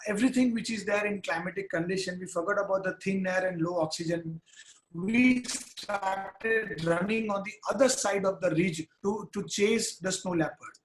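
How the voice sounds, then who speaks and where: Man, high tenor voice, earnest photographer teaching through a halting field story. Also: reverberant, low-quality recording. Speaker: wildlife photographer. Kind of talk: recounting a field trip in a photography tutorial.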